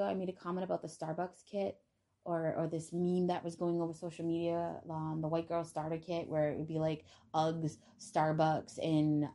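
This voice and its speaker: A woman's voice: sits low, gravelly, mellow. A woman vlogger giving a casual spiritual monologue in a blunt, profane, defiant manner.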